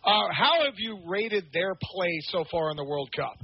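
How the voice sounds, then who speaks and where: A man's voice: high-pitched, expressive, moderate pace, slightly rough, no echo, lo-fi sound. An enthusiastic, chatty man hosting a radio sports talk show.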